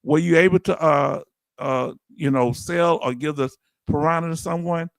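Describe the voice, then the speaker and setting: A man hosting a livestream, talking casually and warmly straight to his viewers, often repeating himself for emphasis. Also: on the high side, normal speed, vocal fry, no room sound. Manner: animated, talks straight to viewers, repeats "let me tell you something". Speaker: livestream host.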